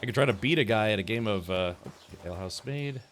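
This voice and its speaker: A man with a lowish voice chats through a game stream, thinking out loud with lots of fillers. He sounds relaxed and unscripted. Faint game music plays behind him. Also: fast. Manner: chatty, musing aloud with fillers. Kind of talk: casual gameplay commentary.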